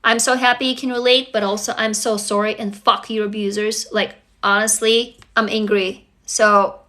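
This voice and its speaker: A woman's voice: on the high side, little pitch movement, moderate pace, pushed and bright. A woman from Russia, hosting an emotional livestream monologue in a raw, intense and profane way. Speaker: livestream host.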